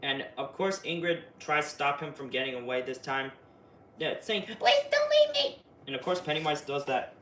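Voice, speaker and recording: A man giving a chatty, excitable spoiler recap of a TV episode, full of fillers and asides. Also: mid-range voice, moderate pace, a little hiss or hum. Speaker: video reviewer. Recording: roomy, distant mic, faint ambience.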